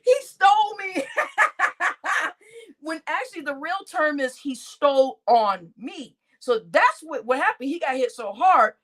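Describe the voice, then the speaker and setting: A woman talks through the news in a casual vlog, her voice high and swinging widely in pitch. She tells stories in a loose, slangy way and often breaks off to laugh. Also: measured pace. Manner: animated, slangy storytelling with frequent laughter. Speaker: vlogger reacting to news. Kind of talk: casual commentary.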